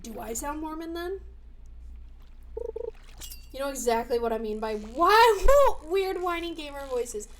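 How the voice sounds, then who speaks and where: A young woman streaming live, chatting casually, bubbly and excitable with sudden squeals. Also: high-pitched, moderate pace, long pauses, slight background noise.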